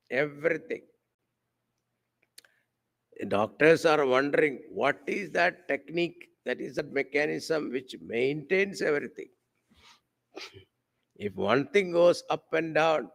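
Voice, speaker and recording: A man giving a devotional sermon at a camp, speaking slowly and deliberately, asking his listeners rhetorical questions and using Sanskrit terms. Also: fairly high pitch, gravelly, a bit bright. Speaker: swami giving a spiritual discourse. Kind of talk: devotional sermon with a told story. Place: camp hall with a live audience.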